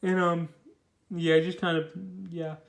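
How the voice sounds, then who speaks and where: A man's voice: fairly high pitch, little pitch movement, a little slow, reverberant, soft background music. A young man casually reviewing a comic book. He rambles loosely, restarts his sentences and leans heavily on fillers.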